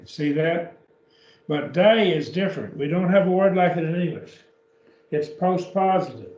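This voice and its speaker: A man's voice: on the high side, lively intonation, normal speed, darkish tone. A man teaching a beginners' Greek class, patiently explaining step by step and often checking with "okay?", recorded from a distance. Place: church classroom. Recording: echoey room, distant mic, dull lo-fi.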